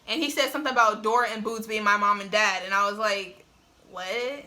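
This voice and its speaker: A young adult vlogger, recording on a phone set on a tripod, talks chattily through something that happened to her, laughing a lot and leaning on "like." Her medium-pitched voice is pushed and bright and moves fairly quickly.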